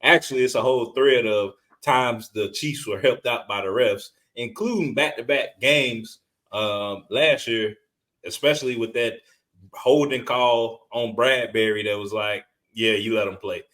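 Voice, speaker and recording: A man's voice: medium pitch, a little slow, a bit bright. A man co-hosting a sports podcast, talking casual, profane, slangy trash talk. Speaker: podcast co-host.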